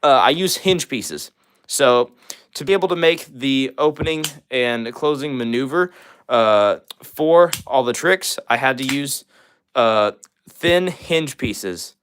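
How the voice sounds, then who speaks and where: A young man from Missouri hosting a livestream, rapidly reading and answering viewer comments with lots of fillers. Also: medium pitch, lively intonation, a bit bright, slight background noise. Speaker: livestream host. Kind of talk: fast live chat reading.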